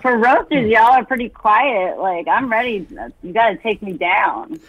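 A woman's voice: a little high, normal speed, fairly bright tone, dull audio. A young woman calling into a comedy show, brash and profane, laughing often. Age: young adult. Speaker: caller. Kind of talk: crude comedic call-in banter.

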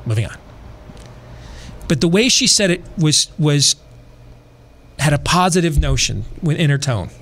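Podcast host, male, slightly high voice, animated and repetitive, dry asides. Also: unhurried, pauses often. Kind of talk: casual storytelling.

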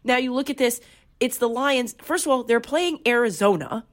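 A young woman co-hosting a fantasy football podcast, giving emphatic opinions in casual chat. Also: a little high. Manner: emphatic, animated, quick opinions.

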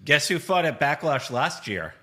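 A man's voice: fairly high pitch, big pitch swings, moderate pace, music in the background. A man co-hosting a casual podcast who answers with sarcastic jokes and casual swearing. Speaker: podcast co-host. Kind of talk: casual chat.

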